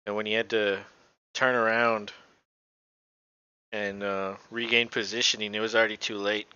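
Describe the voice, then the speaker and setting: Bright-voiced man calling play-by-play. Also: fairly low pitch, moderate pace, clean tone, no echo. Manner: relaxed, offhand, swears casually. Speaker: podcast co-host. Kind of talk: casual live play-by-play commentary. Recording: dull lo-fi home mic.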